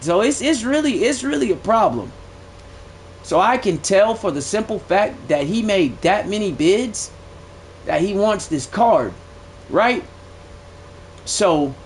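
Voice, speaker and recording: A man's voice: high voice, a little hiss or hum. A young man streaming a game live, giving blunt, profane play-by-play commentary that swings into aggravation. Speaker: gaming streamer.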